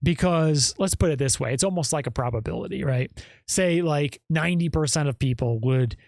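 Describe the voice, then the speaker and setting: A man's voice: medium pitch, dry recording, clean studio sound. A male podcast host giving emphatic casual commentary and often tagging his points with "okay?" or "right?".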